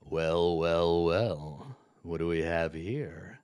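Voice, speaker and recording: A vain, gangly king of goblins with a resonant baritone voice pitched low and a lazy, smug drawl, as a man plays him at the table. The sound is dry and close. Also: very slow, darkish tone, clean tone, no room sound.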